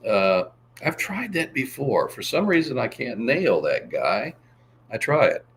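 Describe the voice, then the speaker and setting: A man's voice: mid-range voice, big pitch swings, a little slow, fairly bright tone, a little hiss or hum. A man hosting a casual livestream, rambling and reading out viewer chat. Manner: rambling, reads chat aloud, tries impressions. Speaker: livestream host.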